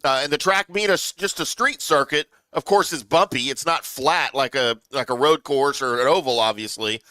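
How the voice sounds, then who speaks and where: A man co-hosting a sports talk show, explaining at length in an animated, storytelling way. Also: mid-range voice, normal speed, clean tone, no echo. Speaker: co-host.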